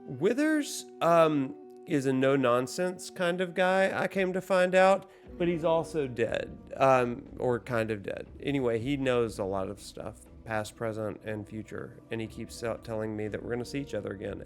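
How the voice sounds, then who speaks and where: A man of middling pitch recaps his game session in a loose, rambling way, full of "um"s and restarts and quick to poke fun at himself. Faint music sits quietly behind his voice, and he talks like he is at a desk mic in a home gaming setup. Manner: rambling and self-deprecating, many fillers. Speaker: gaming vlogger. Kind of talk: casual recap vlog.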